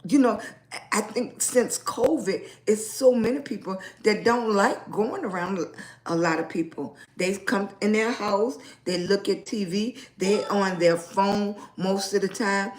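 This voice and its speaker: A woman's voice: mid-range voice, unhurried. Heartfelt woman livestreaming. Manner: warm, affectionate greetings to viewers; repetitive, heartfelt, preachy. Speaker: lifestyle livestreamer. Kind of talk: casual livestream chat.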